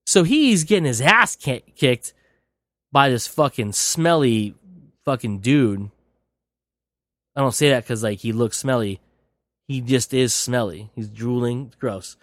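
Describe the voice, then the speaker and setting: A man's voice: mid-range voice, fairly bright tone, dry recording. Podcast host, man, rambling and profane, dry close mic. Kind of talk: casual movie recap.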